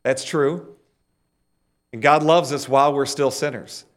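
A man's voice: medium pitch, steady tone, unhurried. A middle-aged man preaching a sermon and leading the congregation in call-and-response. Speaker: pastor.

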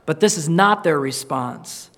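A man with a high voice gives an earnest sermon as a pastor. He often restarts his words and slips into acted-out quoted voices while explaining scripture. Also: animated, unhurried, a bit bright. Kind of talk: sermon with Bible reading.

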